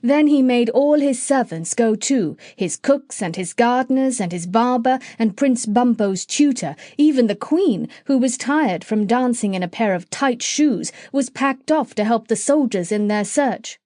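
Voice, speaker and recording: A woman's voice: a little high, lively intonation, measured pace, hardly any pauses, warm tone, no room sound, clean studio sound. A woman narrating a children's classic audiobook, reading aloud and switching between character voices. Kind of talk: storybook narration.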